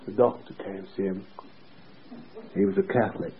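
A preacher telling a story in his sermon, acting out the voices and moving between hushed and loud delivery. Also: low voice, steady tone, normal speed. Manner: vivid, acts out quoted voices, swings between hushed and shouting. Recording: lo-fi phone-like recording.

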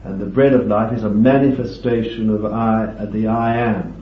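A man's voice: lowish voice, fairly even intonation, a little hiss or hum. A man preaching a sermon, reading scripture and dwelling on emphatic words. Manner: slow, deliberate Bible exposition with emphatic stresses. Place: meeting hall with a small group. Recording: echoey, distant, dull lo-fi recording.

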